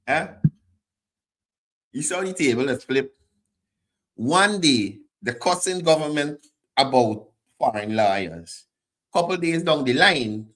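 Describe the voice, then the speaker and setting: A man's voice: fairly high pitch, fairly bright tone. A middle-aged man with a Guyanese accent hosting a political commentary show, mocking and firing off repeated rhetorical questions. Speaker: host.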